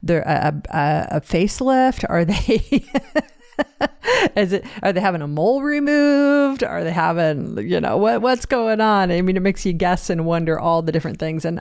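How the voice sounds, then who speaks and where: A woman host talks candidly into a close microphone, mixing jokes with frequent fillers, restarts and stumbles. Her voice sits low for a woman and sounds dry and close. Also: lively intonation, moderate pace, a little mellow, smooth, dry recording. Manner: frank and joking, with many fillers and restarts. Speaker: podcast host and fitness coach. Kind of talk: candid personal podcast monologue. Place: seated at a home podcast desk. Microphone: studio microphone, seated.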